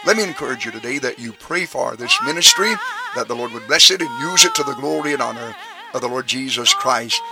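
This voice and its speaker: A man's voice: mid-range voice, gravelly. A man preaching a radio sermon, emphatic, his voice rising on key phrases. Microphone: studio radio microphone.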